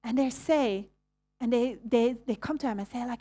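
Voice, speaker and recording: Woman preacher, Belgian Dutch accent, a bit high-pitched, conversational and questioning. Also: moderate pace, warm tone. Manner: conversational, asks the audience questions; restarts and self-corrections. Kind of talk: sermon.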